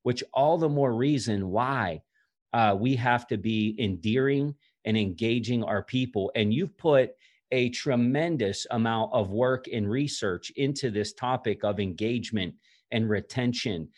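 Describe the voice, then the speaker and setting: A man hosting a podcast interview, an executive coach, speaking in a measured way with many fillers. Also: medium pitch, a little mellow. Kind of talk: interview host introduction.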